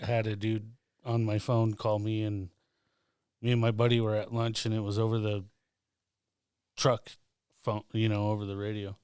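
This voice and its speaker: A man's voice: lowish voice, level tone, moderate pace, pauses often, darkish tone, clear, resonant tone, no echo, studio quality. A man co-hosting a casual podcast, enthusiastic and cursing, often cheering his co-hosts on. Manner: enthusiastic, says "hell yeah" a lot. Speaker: podcast co-host.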